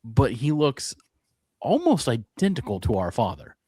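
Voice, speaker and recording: A man's voice: mid-range voice, wildly swooping pitch, measured pace, warm tone, breathy edge, dry recording, clean studio sound. A man co-hosting a casual podcast chat, playful and tired, often cutting in. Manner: playful, jumps in singing song lines. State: tired, up since early morning. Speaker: podcast co-host.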